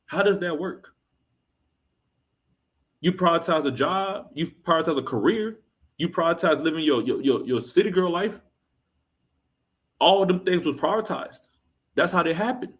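A man's voice: on the high side, moderate pace, long pauses. A man hosting a reaction channel, giving blunt, critical commentary full of repetition and rhetorical questions.

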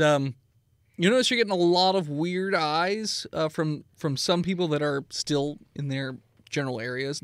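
Animated, lively-pitched game master. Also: male voice, no echo. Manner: animated, hesitant with fillers, shouts NPC lines. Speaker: dungeon master. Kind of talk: narrating a tabletop game.

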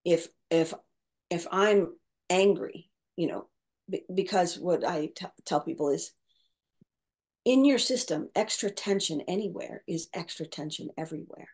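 A middle-aged woman, a caregiver coach, reflects on caregiving in a conversational interview, often restarting and repeating words while she thinks. Her voice is fairly low and darkish in tone, and a little slow.

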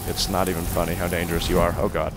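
A man doing let's play commentary, swinging from excited yelling and taunts to quiet muttering. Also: low voice, fast talker, background noise. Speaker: gamer.

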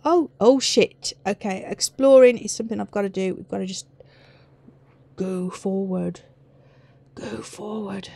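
A woman's voice: medium pitch, normal speed, creaky, dark tone, no echo. A woman giving casual let's play commentary on a horror game, chatty and reacting with gasps and squeals.

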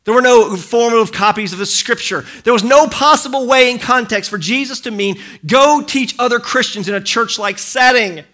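A man's voice: extremely high pitch, moderate pace, hardly any pauses, pushed and bright. A man preaching a sermon in a church, passionate and repetitive, acting out quoted dialogue. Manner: impassioned, acts out quoted dialogue, repeats phrases for emphasis. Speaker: pastor. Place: church hall.

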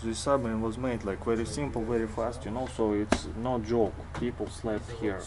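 A man's voice: fairly low pitch, steady tone, normal speed. A man with a Russian accent, a native Russian speaker, giving a casual tour vlog in broken, chatty English with many fillers. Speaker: vlog host. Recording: noisy background.

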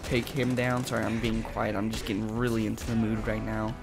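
A man's voice: fairly low pitch, a little fast, music in the background. Chatty man narrating his gameplay. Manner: chatty, casual and excitable. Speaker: gameplay commentator. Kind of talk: let's play commentary.

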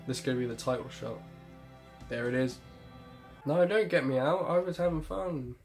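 A man talks over gameplay in a sarcastic, joking way, often laughing at himself. His voice sits at an ordinary pitch. Faint game music plays underneath. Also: steady tone, normal speed, creaky, long pauses. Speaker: gameplay commentator. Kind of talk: joking let's-play commentary.

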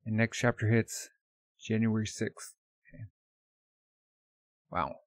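A man's voice: fairly low pitch, fairly even intonation, no echo, clean studio sound. Chatty man reacting to a comic. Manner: chatty, filler-heavy, quick to laugh. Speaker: reaction video host. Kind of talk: casual reading and reaction commentary.

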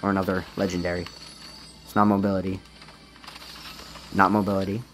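A gaming YouTuber offers casual gameplay commentary, veering from low muttering to loud, frustrated outbursts. His tone stays level and his delivery brisk, with faint music in the background.

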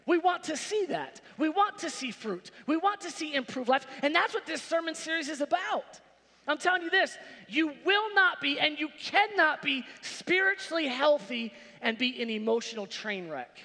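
Male pastor with a very high, sharp voice, preaching emphatically in a reverberant church hall with music underneath. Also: animated, moderate pace. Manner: emphatic, repetitive preaching with rising exclamations. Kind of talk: sermon. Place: church sanctuary.

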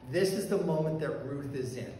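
A man's voice: on the high side, expressive, normal speed, dark tone. A male pastor telling a personal story in a sermon, conversational, with fillers and restarts. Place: church sanctuary. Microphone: handheld or stand mic that fell during talk. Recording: very echoey church hall, faint background noise.

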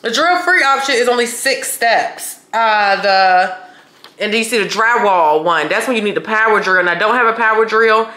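A woman vlogs casually to camera in a medium-pitched voice at normal speed, her tone sharp. Chatty and blunt, she calls her viewers y'all and curses when annoyed.

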